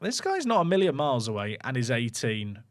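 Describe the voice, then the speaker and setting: Male streamer, casual running commentary, mid-pitched. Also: wildly swooping pitch, fairly quick. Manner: musing aloud, chatting to viewers. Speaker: gaming streamer.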